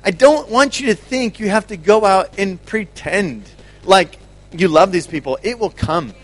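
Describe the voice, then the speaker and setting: High-voiced animated man preaching. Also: unhurried. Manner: animated, laughs often, repeats words. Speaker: ministry speaker. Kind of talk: energetic teaching talk.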